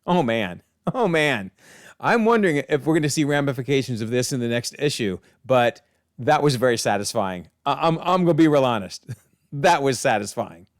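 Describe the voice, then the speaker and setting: A man's voice: mid-range voice, lively intonation, brisk, no room sound, clean studio sound. A man casually recapping a comic book with enthusiasm, laughing often.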